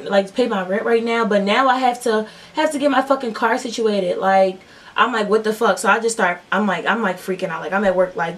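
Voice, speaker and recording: A woman's voice: mid-range voice, a bit bright, far from the mic. A young woman telling a long, profane storytime while doing her makeup, rambling with lots of fillers. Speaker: beauty vlogger.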